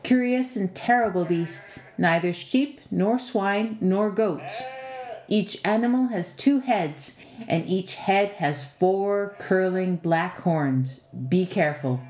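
A woman voicing a male goatherd who gives measured warnings in a storybook. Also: mid-range voice, a little mellow, reverberant, lightly acted.

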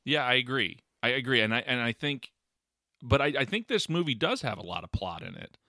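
A man's voice: mid-range voice, big pitch swings, a little fast, pushed and bright, no room sound, studio quality. A man co-hosting a podcast, chatting casually and giving firm opinions while stammering and repeating words. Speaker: podcast co-host. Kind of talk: casual chat.

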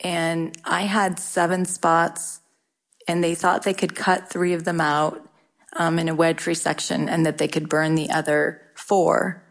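A middle-aged woman talking candidly in an interview, halting often and restarting her sentences. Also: low-pitched, flat delivery. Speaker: guest sharing her cancer story. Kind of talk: casual interview talk.

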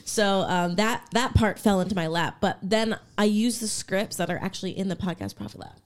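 A woman's voice: mid-range voice, expressive, brisk. A woman co-hosting a podcast in casual chat, adding dry teasing asides to her partner's stories. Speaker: podcast co-host.

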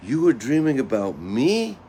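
A man's voice: mid-range voice, big pitch swings, unhurried, warm tone, a little hiss or hum. A man doing a curious, lonely crow.

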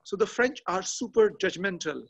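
A man chatting as a podcast guest from a garden outdoors, halting and often restarting as he searches for words. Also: high voice, creaky, fairly bright tone, lo-fi sound. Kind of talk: casual interview chat.

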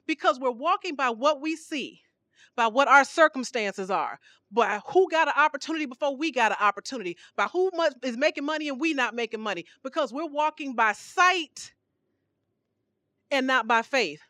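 Recorded cleanly in a studio with no echo, a woman with a high-pitched voice preaches a sermon on a podcast at a moderate pace. She is emphatic, poses many rhetorical questions, and her volume swings animatedly up and down.

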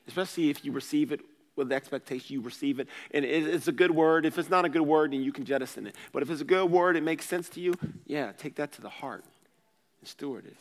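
A male pastor delivers a sermon in a relaxed, conversational style, shifting between loud outbursts and quiet asides. His voice sits in the mid range, and a long reverb tail trails after his words.

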